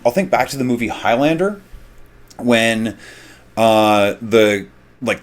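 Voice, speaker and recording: Man, lower-pitched voice, casual explanatory advice, tabletop gaming tips, occasional fillers. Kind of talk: conversational advice monologue.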